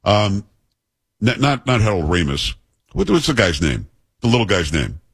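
A man's voice: lowish voice, sing-song, moderate pace, husky, no echo. A middle-aged man hosting a talk show, chatting casually with a joking, teasing manner. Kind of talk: casual talk radio monologue and banter.

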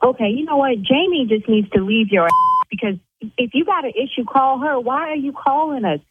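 A woman who owns an eyelash salon, arguing indignantly on a phone call, her voice climbing high when she gets angry. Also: fairly quick, breathy edge, no echo. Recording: tinny phone line.

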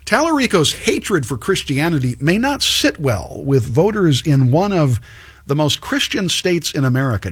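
A man's voice: medium pitch, slightly rough. A man hosting political commentary, reading an article aloud with sarcastic, scornful asides. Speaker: commentary host.

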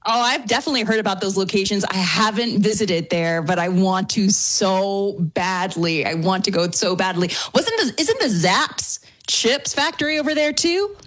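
Guest: woman from new orleans, lively ghost investigator, dry close sound. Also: mid-range voice, no room sound. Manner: lively, quick to laugh. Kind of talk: radio interview answers.

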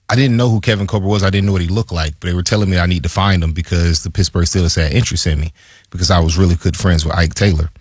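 A man's voice: slightly rough, no room sound, clean studio sound. A man, a former player co-hosting a casual sports talk show and telling stories animatedly. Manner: animated storyteller, acts out quotes in a higher voice. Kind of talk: casual sports chat, storytelling.

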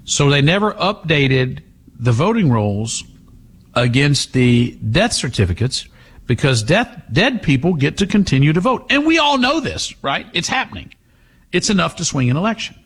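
A man's voice: a little high, sing-song, moderate pace, a bit bright, slightly rough. A man hosting a talk radio show, giving sarcastic, mocking commentary. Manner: sarcastic, mocking, puts on voices.

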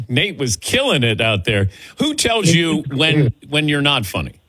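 A man's voice: on the high side, very animated, unhurried, a bit bright, slightly rough, no room sound. A male interviewer in casual chat, teasing his guest and laughing easily.

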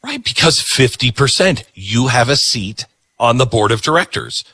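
A man's voice: mid-range voice, big pitch swings, normal speed, pushed and bright, slightly rough, no echo. A middle-aged man hosting a talk show, delivering an emphatic political monologue and repeating words for stress.

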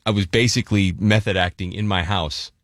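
A man hosting a morning radio show, chatting playfully with quick asides. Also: deep voice, steady tone, fairly bright tone, no echo, clean studio sound. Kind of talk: casual radio chat. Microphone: studio microphone.

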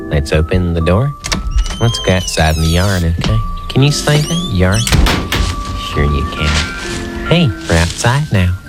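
Low soothing man guiding a walk. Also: expressive. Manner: slow, soothing, instructive. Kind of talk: guided children's visualization. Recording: voice over loud music.

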